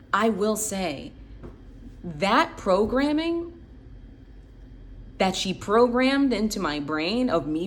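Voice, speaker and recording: A channel host in her late twenties tells personal stories in a reflective, conversational way, filling her speech with "like" and "um." Her voice sits on the low side with a fairly bright tone, and a little hiss or hum is audible.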